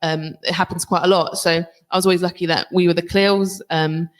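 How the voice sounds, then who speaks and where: A woman's voice: on the low side, fairly even intonation, a little fast. A woman rugby player and coach answering panel questions in a chatty way, with many fillers and restarts.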